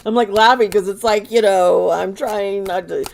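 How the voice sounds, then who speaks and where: A woman's voice: mid-range voice, moderate pace, gravelly. A woman giving live tarot readings to viewers, chatty and blunt, often laughing as she talks. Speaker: tarot reader.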